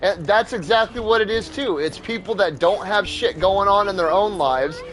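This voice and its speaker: A young man who is also a father hosts a gaming video, giving blunt, profane, heated rants over gameplay. He's high-pitched and speaks at a normal speed in a fairly bright tone.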